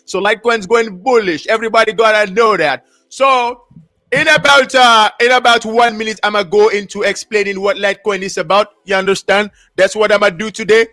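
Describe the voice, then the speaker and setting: A man hosting a casual live stream, talking in an excitable, repetitive, slangy hype style. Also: sits high, a little fast. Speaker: livestream host.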